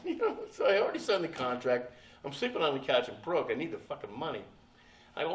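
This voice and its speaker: A man's voice: fairly high pitch, big pitch swings, fast, creaky. A man in his sixties, a guest at a convention panel, telling a profane, laughing anecdote and acting out the people in it. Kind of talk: anecdotal storytelling to an audience. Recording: echoey room from a distance.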